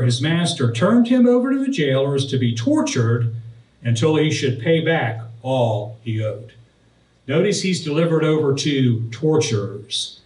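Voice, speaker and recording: A pastor preaching, telling a personal story and then reading and explaining scripture verses. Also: male voice, medium pitch, darkish tone. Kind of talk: sermon. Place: church sanctuary. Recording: roomy, distant from the mic.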